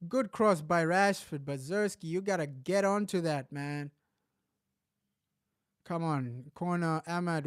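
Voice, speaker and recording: A man commenting live on a match as a fan, grumbling through the slow spells and shouting with excitement when his team scores. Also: a little high, smooth, dry recording, studio quality. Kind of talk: live watch-along commentary.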